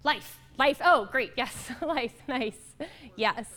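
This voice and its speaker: Woman, workshop facilitator, fairly high voice, encouraging, affirming. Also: animated, slow pace, pushed and bright, faint music behind. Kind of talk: interactive workshop talk.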